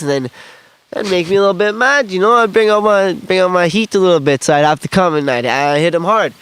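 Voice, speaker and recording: A man's voice: high-pitched, animated, fast talker, fairly bright tone, smooth, no echo. A young man telling stories from his life in a rambling, profane, laughing way, recorded outdoors in an interview. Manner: rambling, profane, laughs often, acts out quotes and freestyles. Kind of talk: casual storytelling interview. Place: outdoors on grass.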